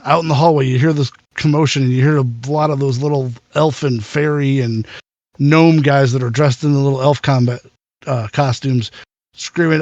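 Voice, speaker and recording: A man's voice: mid-range voice, normal speed, darkish tone, dry recording. A man narrating as game master in a loose, rambling way.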